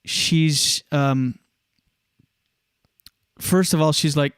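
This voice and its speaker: Male talk-show host, a touch high-pitched, smooth clear voice, dry close mic, animated recaps that act out every quote. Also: slow, long pauses, no room sound. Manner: animated, acts out quotes, laughs often. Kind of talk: casual commentary on viral clips.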